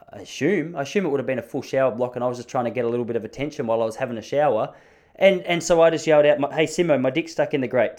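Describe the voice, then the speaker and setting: A man in his thirties, chatting as a podcast host. He tells comic stories in a self-mocking way, and his pitch leaps up whenever he stresses a point. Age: 30s. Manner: animated, self-mocking, pitch jumping up for emphasis. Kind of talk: casual comedic storytelling.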